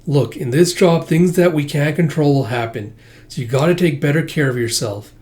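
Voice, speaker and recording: A man's voice: fairly high pitch, moderate pace, darkish tone, natural voice. A man voicing a blunt, exasperated adult female agent, in a dry and scolding tone, as he reads a comic aloud.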